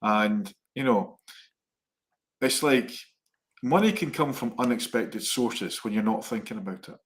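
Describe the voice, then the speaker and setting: A man co-hosts a live online chat, spinning casual personal stories with animated energy. He acts out the other people's lines and often breaks into laughter. The sound is that of a home video call. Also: on the low side, unhurried. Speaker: co-host, psychic medium.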